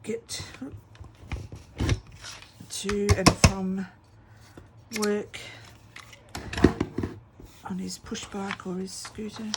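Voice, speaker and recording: Gravelly woman chatting while crafting. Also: mid-range voice, little pitch movement, drawn-out words, pauses often, very noisy. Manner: rambling storytelling with many fillers. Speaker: craft vlogger. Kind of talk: casual chat while crafting.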